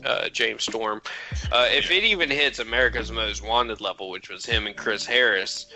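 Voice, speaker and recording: A man's voice: fairly low pitch, moderate pace, sharp tone, soft background music. A young man co-hosting a podcast, laid-back and hedging as he trails off mid-thought. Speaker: podcast co-host. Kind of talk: casual chat.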